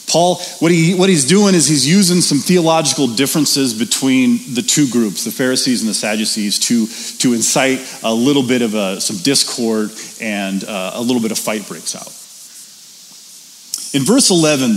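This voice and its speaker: A man teaching a Bible study in a conversational, animated way, reading scripture and asking rhetorical questions. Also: medium pitch. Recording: reverberant room with faint hiss.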